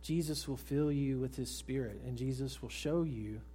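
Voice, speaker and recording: A male pastor preaching to a congregation, swinging from raised emphatic lines to hushed soft ones and putting questions to his listeners. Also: mid-range voice, normal speed, a little hiss or hum. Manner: asks the congregation direct questions. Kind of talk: sermon. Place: church service with congregation.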